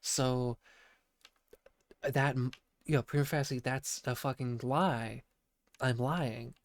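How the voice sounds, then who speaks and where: A man talks in a loose, profane ramble, stumbling and restarting his sentences. His voice is croaky from being sick. The recording is dry and close, with no room sound. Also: mid-range voice, fairly even intonation, slow pace, no echo. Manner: rambling, profane, self-interrupting. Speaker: podcast host. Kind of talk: rambling casual monologue.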